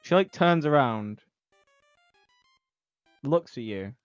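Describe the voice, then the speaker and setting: A man's voice: medium pitch, lively intonation, slow, no echo, faint music behind. A man narrating as game master of a tabletop game, hesitant, with lots of fillers. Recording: dull lo-fi sound.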